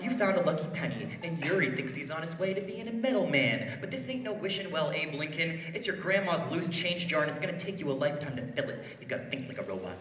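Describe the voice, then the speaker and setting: Animated man in a bright, echoey hall. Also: on the high side, fast, hardly any pauses, a little hiss or hum. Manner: animated, teasing, swings between hushed and yelling. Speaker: spoken word poet. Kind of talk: live spoken word performance. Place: performance hall before a live audience. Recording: echoey hall, voice caught from a distance.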